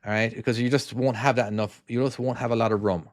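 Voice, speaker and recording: A man from Ireland with a softened Cork accent talks casually over a driving game, rambling through explanations and restarting his sentences. His voice sits at a middle pitch for a man. The close microphone gives a dry sound with no room around it. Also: steady tone, fast, no echo. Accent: Cork Irish. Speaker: game streamer and former truck driver. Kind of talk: casual live-stream commentary reading chat.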